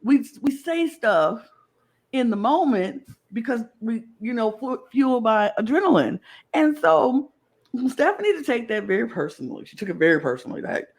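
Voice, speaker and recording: A woman co-hosting a casual podcast chat, talking in an animated way and acting out the quoted lines she retells. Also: a little high, normal speed. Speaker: podcast co-host.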